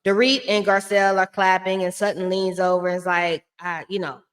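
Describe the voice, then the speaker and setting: A woman's voice: medium pitch, little pitch movement, fairly quick. A woman giving a blunt, chatty recap of a reality show in a casual, slangy way.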